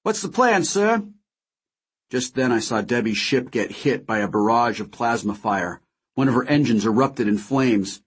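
A man narrating a first-person audiobook in a measured, dramatic way. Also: lowish voice, steady tone, breathy edge.

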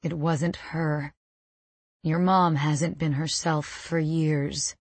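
A woman voicing a gentle, comforting father who speaks in a hushed whisper. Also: sits low, steady tone, slow, husky, no echo, voice pushed down, heavily acted. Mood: soothing.

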